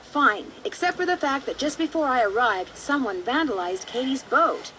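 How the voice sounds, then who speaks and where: A composed young female sleuth from a mystery game. Her voice sits high and moves with a lively lilt, yet she stays calm and factual. There is faint room tone under her lines. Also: normal speed, slight background noise, low-quality recording. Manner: calm, matter-of-fact. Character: young female amateur detective, level-headed. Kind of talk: video game voice acting.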